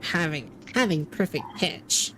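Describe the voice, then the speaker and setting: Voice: medium pitch, big pitch swings, a little slow, bright, forceful tone, slight background noise. A streamer in casual chat, playful and swearing freely while trying out accents.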